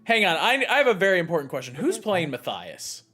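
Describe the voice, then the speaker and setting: A man chatting casually with castmates on a livestream, animated and quick to laugh. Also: sits high. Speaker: cast member. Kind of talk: casual group chat on a livestream.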